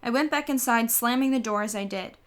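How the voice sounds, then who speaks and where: A woman reading a children's novel aloud in a lively storytelling way. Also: on the high side, fairly quick. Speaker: audiobook reader.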